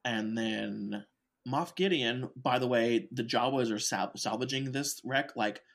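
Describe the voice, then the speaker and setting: A young adult man co-hosting a casual recap chat. He sums up the plot in a relaxed way and adds dry jokes. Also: medium pitch, a little slow, vocal fry. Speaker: podcast co-host.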